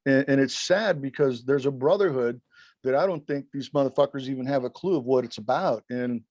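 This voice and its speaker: Man, candid interview guest, swears a lot, acts out quotes, medium pitch, dry recording. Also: a little fast, darkish tone, no room sound, dull audio. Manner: profane, emphatic, acts out quotes. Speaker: former wrestling referee, podcast guest.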